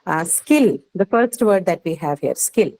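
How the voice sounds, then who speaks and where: A woman with an Indian English accent teaches a phonetics class. She explains rules step by step, pauses to quiz her students, and keeps checking in with "right?" and "okay.". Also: lowish voice, expressive, a little mellow, rough recording. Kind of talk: classroom lecture.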